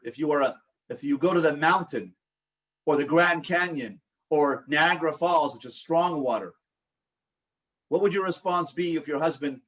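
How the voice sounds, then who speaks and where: A rabbi teaching a support group, with a slightly high voice that comes from some distance away from the mic. He coaches the listeners, poses questions to them, and acts out the responses they could give. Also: fairly bright tone. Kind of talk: teaching a live online group session.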